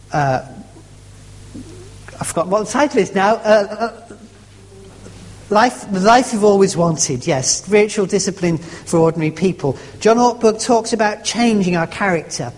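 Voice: mid-range voice, unhurried, long pauses, darkish tone. Preacher in a reverberant church. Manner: emphatic, repeating phrases and stressing words in turn. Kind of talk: sermon.

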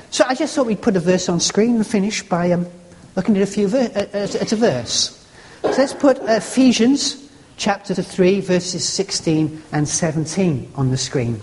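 A preacher giving a devotional teaching talk in a homely, conversational way, slowly rereading a verse with the stress on a new word each time. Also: mid-range voice, sing-song, a little mellow, a little hiss or hum. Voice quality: homely, conversational, musing aloud with restarts. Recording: long reverb of a large hall.

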